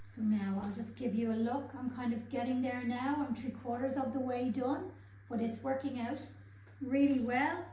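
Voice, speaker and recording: A woman calmly talking through each step of a craft demonstration as she works with her hands. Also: fairly high pitch, normal speed, music in the background. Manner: calm, methodical, narrating her own actions. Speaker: craft instructor. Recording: roomy sound with clear background ambience.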